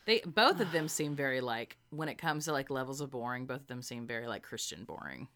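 Low-voiced, lively blunt woman. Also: brisk. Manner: blunt, swears, laughs easily. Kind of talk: casual chat.

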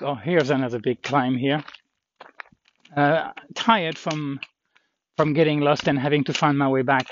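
A man walking outdoors on a hilly trail, talking in a rambling, halting way with lots of fillers as he vlogs his pilgrimage. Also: on the high side. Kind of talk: casual walking vlog. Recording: dull lo-fi with faint noise.

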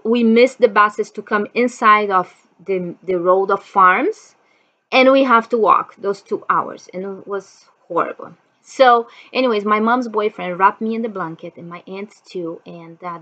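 Woman, casual storyteller, rambling with fillers; bright, forceful voice, muffled lo-fi recording. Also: mid-range voice. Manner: rambling, many fillers, non-native grammar.

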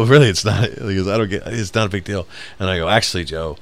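A man's voice: low voice, fast. A man casually telling a rambling, profane story on a podcast, laughing as he goes. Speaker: podcast host.

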